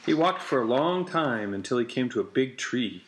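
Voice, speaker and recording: A man reading a children's picture book aloud with a slow, deliberate, repetitive storytelling cadence. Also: mid-range voice, lively intonation, a little hiss or hum.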